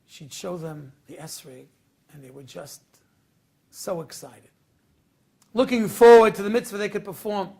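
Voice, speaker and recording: A man with a very high, gravelly voice tells a sermon story with a lilt. He goes from a near hush to loud, emotional peaks as he acts out the scenes. He speaks as a rabbi drawing a lesson for his listeners. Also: expressive, a little slow, long pauses. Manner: dramatic storyteller, swings from hushed to loud.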